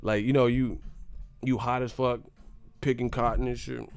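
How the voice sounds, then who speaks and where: A young adult man hosting a boxing live stream, ranting in an animated, profane, rambling way. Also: mid-range voice, moderate pace, gravelly, smooth. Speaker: boxing channel host.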